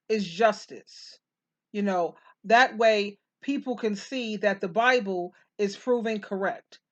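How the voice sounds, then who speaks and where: A woman's voice: mid-range voice, fairly bright tone, dull audio. A woman co-hosting a casual chat, cheering the host on and quoting scripture. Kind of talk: casual chat with faith talk.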